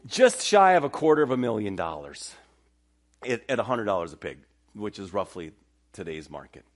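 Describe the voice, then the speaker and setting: Middle-aged male pastor, animated storytelling sermon, casual banter with the congregation. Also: lowish voice, moderate pace.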